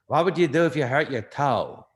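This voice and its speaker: A gruff old character actor holds forth in a slow, emphatic, lecturing voice, as a man puts him on. He is boastful and sure of himself, and the voice comes across as a little distant from the mic. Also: on the high side, animated, close to an everyday voice.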